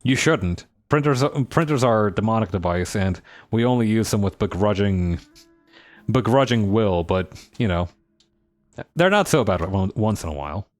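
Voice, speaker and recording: A man's voice: fairly low pitch, animated, moderate pace, faint music behind. A man streaming a game live, reading aloud and joking, swearing and laughing often.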